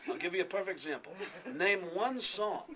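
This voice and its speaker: A man doing an impression of a blunt male rock singer who speaks low and deliberately. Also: expressive, pushed and bright. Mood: accusing.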